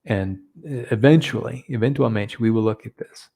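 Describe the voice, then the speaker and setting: A man teaching a Bible lesson, halting often with fillers and restarts. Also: medium pitch, gravelly, mellow, breathy edge. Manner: hesitant, many fillers and restarts, switching between two languages.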